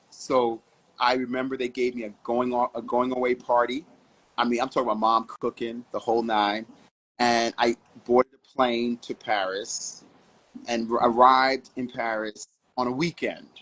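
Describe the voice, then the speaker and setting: A man from Harlem, New York, telling stories as a fashion model guest in an interview, animated and full of vivid asides. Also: medium pitch, low-quality recording. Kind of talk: storytelling interview answers.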